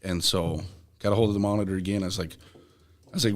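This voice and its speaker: A young man with a fairly low voice tells stories in a loose, rambling way, swearing freely as he drifts on and off the point. He is a podcast guest in casual conversation, talking easily with the host. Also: rapid-fire. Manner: profane, rambling anecdotes. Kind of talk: casual storytelling.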